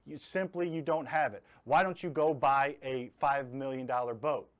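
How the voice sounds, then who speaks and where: Leaning hard on key words, a man teaches real estate investing in a live online training talk, blunt and joking in manner. His voice is mid-range and steady in tone, at a moderate pace.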